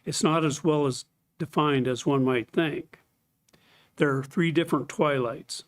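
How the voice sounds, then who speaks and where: A man's voice: fairly high pitch, fairly even intonation, a little slow. Methodical man giving a Bible study. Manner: methodical, explanatory, reads scripture aloud, clears throat often. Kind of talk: scripted Bible study lecture.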